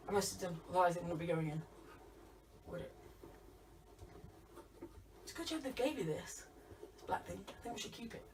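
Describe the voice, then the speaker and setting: A woman chats away as she builds flat-pack furniture, joking and teasing whoever holds the camera. Her voice comes from a few steps back from the mic, with clear noise behind it. It plays like a relaxed home vlog. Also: medium pitch, distant mic. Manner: chatty, teasing banter with the person filming. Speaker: vlogger. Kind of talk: casual chat while assembling furniture.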